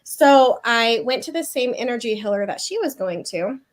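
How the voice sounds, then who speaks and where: A woman's voice: on the high side, lively intonation, moderate pace. A woman in her thirties, a guest on a video call, telling a personal story in a chatty, loose way with many fillers and restarts.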